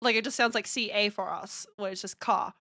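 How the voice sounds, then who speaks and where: Bright, giggly Australian young woman. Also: medium pitch, fairly even intonation, fairly quick, no echo, studio quality. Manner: giggly, teasing. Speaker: stream host. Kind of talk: casual chat.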